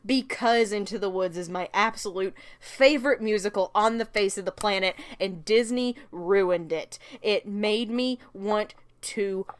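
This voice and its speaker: A woman hosting her channel, answering fan questions in a casual, opinionated rant and laughing often. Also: mid-range voice.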